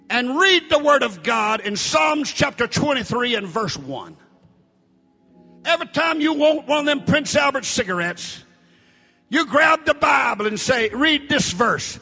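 Older preacher, raspy and bright, live recording with faint music behind. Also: male voice, high voice, big-room sound. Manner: shouted Pentecostal preaching with hoarse cries. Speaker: pastor. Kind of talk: sermon.

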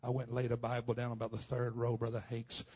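A man preaching a personal testimony at a conference. He is impassioned and swings from hushed telling to loud outbursts. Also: mid-range voice, completely flat delivery, fast talker, slightly rough. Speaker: pastor. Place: conference hall.

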